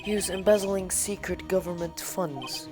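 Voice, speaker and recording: An earnest young defense lawyer presses his case with steady determination, voiced by a woman in a low, plain register. Clear game music runs underneath. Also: moderate pace, natural voice. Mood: determined. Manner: earnest, determined, inner monologue. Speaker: narrator of the game. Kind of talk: voicing a video game let's play. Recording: game music playing behind.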